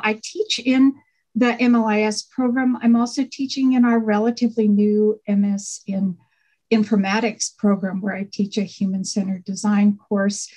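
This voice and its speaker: Middle-aged woman, faculty panelist, conversational workshop talk, video call audio, medium pitch. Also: darkish tone, low-quality recording. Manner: conversational, with frequent um fillers. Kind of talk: online workshop presentation.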